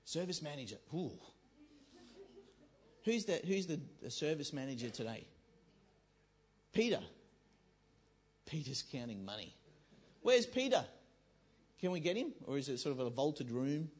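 A pastor with a slightly high, slightly rough voice gives a conversational sermon in church, animated and moderately paced with frequent pauses. He jokes with the congregation and acts out the voices in people's heads.

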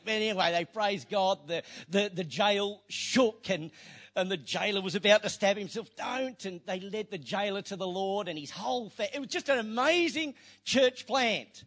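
High-voiced man preaching lively. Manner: lively storytelling with playful asides. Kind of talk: sermon.

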